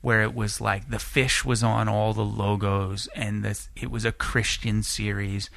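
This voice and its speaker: A man in his late twenties spins a meandering story in a casual podcast conversation. He curses freely and keeps circling back with restarts. His voice is bright and forceful, and the room is close and dry. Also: on the low side, unhurried, creaky, no room sound. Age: late 20s. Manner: rambling, profane, animated when acting out quotes. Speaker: podcast guest.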